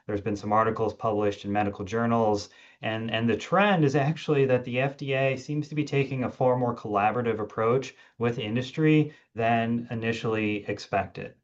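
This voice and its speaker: Guy calmly talking investing, lower voice, kinda muffled. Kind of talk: market discussion.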